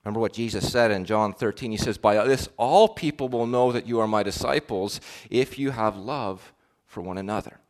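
A man's voice: fairly low pitch, moderate pace, few pauses. A male pastor preaching a sermon in an earnest, questioning way, with frequent fillers and restarts.

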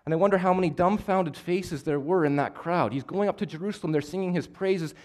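Guy preaching a sermon, slightly higher voice, gets loud then drops real quiet. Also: brisk. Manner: emphatic, swings between loud and hushed. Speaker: pastor.

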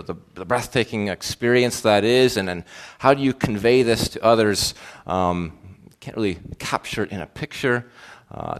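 Low-voiced guy preaching a sermon, earnest, lots of uh and restarts. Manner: earnest, questioning, frequent fillers and restarts. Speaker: pastor.

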